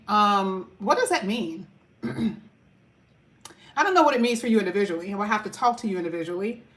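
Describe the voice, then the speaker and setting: A woman reading tarot cards in a loose, chatty way, leaning hard on her points. She slows down and stretches the words she wants to stress. Her voice sits at a middle pitch. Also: fairly bright tone. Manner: chatty, emphatic, drawls key words. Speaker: tarot reader.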